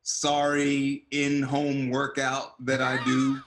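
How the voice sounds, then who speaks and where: A man in his forties, an actor, chatting as an interview guest over a video call and telling stories animatedly, with loud excited quotes. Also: mid-range voice, slow, a loud crowd, low-quality recording. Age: 40s.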